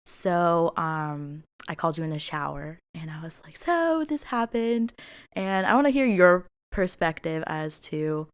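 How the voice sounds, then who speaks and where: A young woman with a low, smooth voice co-hosts a casual podcast. She talks openly and emotionally, full of fillers and restarts. Her voice is recorded close and dry. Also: moderate pace, hardly any pauses, no echo. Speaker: podcast co-host.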